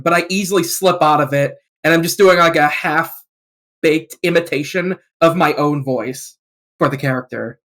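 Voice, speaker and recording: Voice narrator guest, mid-pitched, animated storyteller, laughs a lot. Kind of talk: casual podcast chat.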